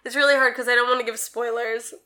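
A woman chatting casually with a friend about a game, enthusiastic and quick to laugh. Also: a little high, fairly even intonation, sharp tone. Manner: enthusiastic, gushing, laughs often. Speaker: co-host. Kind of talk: casual chat.

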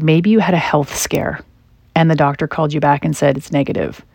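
A woman with a fairly low voice gives a motivational talk in a chatty, direct way. She often drops into lively acted-out asides. The sound is close and dry. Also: moderate pace, creaky, dry recording. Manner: conversational, with animated quoted asides. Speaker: self-help speaker.

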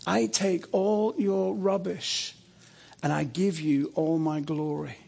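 A preacher putting on the voice of Jesus in a dream, a man's voice that presses the same demand again and again. It comes fairly high and slow. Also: level tone, creaky, breathy edge, exaggerated voice. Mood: soft tender. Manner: insistent, repeating demands; soft and tender when gentle. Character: Jesus confronting a man in a dream, stern then tender.

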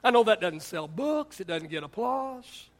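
Here a pastor delivers a sermon in a voice that sits high, at a normal pace. He's an animated storyteller, slipping into the voices of the people he quotes.

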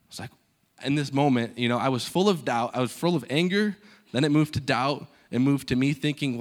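A young man, a guest speaker at a church, telling a personal story in a sermon and acting out the dialogue with lively energy. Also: medium pitch, brisk. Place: church stage.

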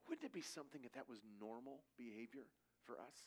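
A man's voice: medium pitch, animated, quick pace, husky. A middle-aged man giving a conversational sermon, telling stories casually and acting out quoted voices. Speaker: preacher.

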